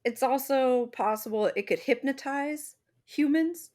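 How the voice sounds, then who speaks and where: A woman co-hosting a podcast, presenting the episode's topic in casual chat, animated and swearing freely. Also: high voice, a little slow. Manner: animated, swears freely, acts out little voices.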